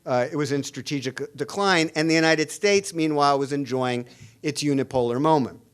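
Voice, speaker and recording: A middle-aged man giving a public lecture as an international relations professor, speaking in a measured way with frequent "uh" fillers and restarts. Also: a little high, smooth. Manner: reads quoted dialogue aloud with added emphasis. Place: lecture hall at a public forum.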